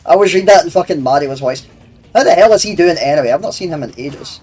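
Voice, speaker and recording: A man's voice: on the high side, animated, fast, a little mellow, breathy edge. A young man, streaming a game and bantering crudely with his chat, rambling and laughing often. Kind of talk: casual gaming stream chat. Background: faint game music.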